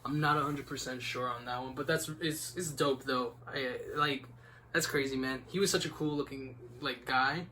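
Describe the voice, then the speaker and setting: A man's voice: medium pitch, fairly even intonation, moderate pace, bright, forceful tone, a little hiss or hum. A young man hosting a casual podcast, rambling laid-back with lots of "like" and "man.". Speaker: podcast host. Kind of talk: casual chat.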